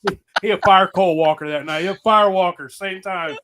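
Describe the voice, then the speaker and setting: A man's voice: high voice, fairly quick, a loud crowd. A man, chiming in laid-back and profane, chuckling in casual chat. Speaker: friend and co-guest.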